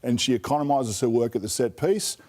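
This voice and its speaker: A man giving measured, analytical rugby commentary. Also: mid-range voice, a little mellow. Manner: measured, analytical, tag questions. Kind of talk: sports commentary.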